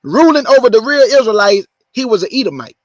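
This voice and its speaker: A man hosting his show, preaching, repeating his points slowly for stress. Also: very high-pitched, big pitch swings, no room sound, muffled recording. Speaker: show host. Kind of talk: preaching monologue.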